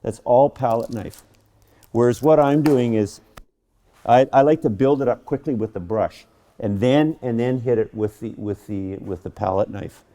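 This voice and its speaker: A man's voice: medium pitch, moderate pace, mellow. A middle-aged man teaching painting in his studio, chatty and enthusiastic, often restarting and repeating words as he works. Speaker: painting instructor. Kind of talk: painting demonstration. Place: art studio.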